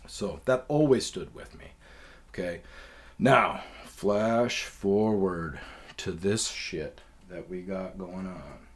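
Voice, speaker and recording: A man with a fairly low voice tells a story in a loose, meandering way. He swears freely and keeps stopping on "uh" and "um" as he talks, like a host chatting off the cuff. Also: takes it slowly. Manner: profane, loose and conversational with many fillers. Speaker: podcast host. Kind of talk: casual rambling storytelling.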